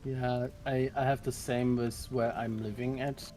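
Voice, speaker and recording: A man in casual chat while playing a game with friends, animated and prone to bursts of mock outrage. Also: medium pitch, a little slow, faint music behind. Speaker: co-player on a stream.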